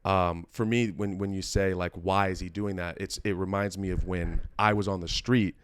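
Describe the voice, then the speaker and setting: Low dry-sounding guy hosting a podcast, halting, earnest, kinda emotional. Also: fairly even intonation, clear, resonant tone, dry recording. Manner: earnest and halting, full of restarts; emotional and reflective. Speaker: podcast host. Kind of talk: casual conversational interview.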